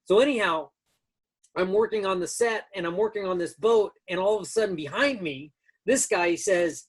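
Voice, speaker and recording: A man's voice: high-pitched, normal speed, breathy edge. A man in his fifties telling stories as a guest in an interview, rambling through anecdotes with many restarts. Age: 50s. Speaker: guest, stunt rigger. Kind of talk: casual storytelling.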